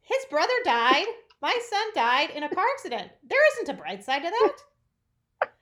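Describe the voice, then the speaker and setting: A woman's voice: high voice, moderate pace. A middle-aged woman hosting a candid conversation about grief, frank and wry as she tells stories. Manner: frank, wry, animated storytelling. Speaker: podcast host.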